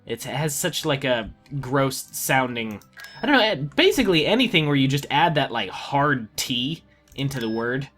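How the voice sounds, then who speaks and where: A man's voice: medium pitch, animated, normal speed, a bit bright, soft background music. A man giving casual gameplay commentary, talking to the game with exasperated outbursts. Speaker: let's play gamer.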